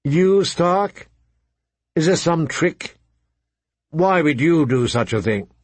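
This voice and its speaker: A man's voice: on the high side, lively intonation, takes it slowly, dry recording, voice pushed up. A man reading an audiobook, voicing a cold and scheming queen. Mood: cold, demanding. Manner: cool and commanding.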